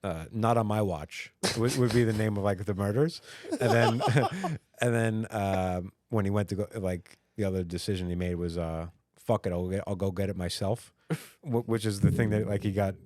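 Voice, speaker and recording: A man's voice: lowish voice, moderate pace, darkish tone, no echo, clean studio sound. A man co-hosting a casual podcast, a rambling comic storyteller with many fillers and restarts. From United States. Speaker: podcast co-host; stand-up comic. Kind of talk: casual chat.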